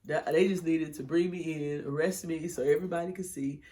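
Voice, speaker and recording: A woman's voice: deep voice, fairly even intonation, brisk, warm tone. A middle-aged woman, telling her own story in an interview, candid and blunt, swearing freely. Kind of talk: emotional personal storytelling.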